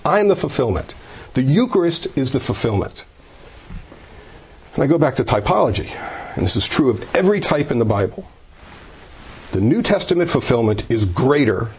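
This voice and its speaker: Husky-voiced man sharing his testimony, emphatic, restarts a lot; muffled recording. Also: medium pitch. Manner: earnest and emphatic, builds to animated peaks; stumbling, with many repeated words. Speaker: speaker sharing a personal faith story. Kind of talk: informal testimony talk.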